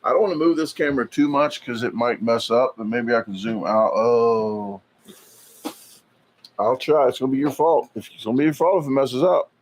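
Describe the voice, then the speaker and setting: A man hosting a casual livestream, rambling and chatty as he reads viewer comments aloud, filling pauses with lots of fillers and restarts. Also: medium pitch. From United States. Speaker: livestream host. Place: indoors at a hobby shop.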